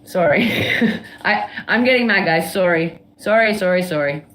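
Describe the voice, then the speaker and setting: A woman's voice: fairly low pitch, animated, normal speed, a bit bright, roomy sound. A woman in a heated, casual livestream rant, talking bluntly and defiantly with frequent swearing. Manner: blunt, swearing, defiant, laughs between outbursts. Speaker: livestream guest.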